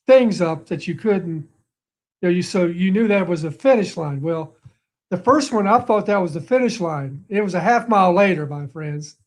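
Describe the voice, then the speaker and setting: An older man with a high voice tells stories from his running days in a chatty, reminiscing way. He is the inductee, and he gives his acceptance speech with a light touch. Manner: chatty, reminiscing, laughs at himself.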